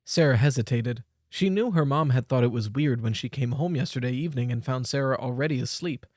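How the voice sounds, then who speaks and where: Young male audiobook narrator, middle-pitched, expressive, dry close mic. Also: brisk, no room sound. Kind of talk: scripted narration.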